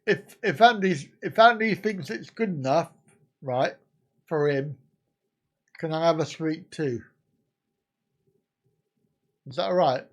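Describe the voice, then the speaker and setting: A man's voice: a little high, slow, pauses often, lo-fi sound. A man in his fifties from the UK, hosting a casual live stream and bantering crudely with his viewers. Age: 50s.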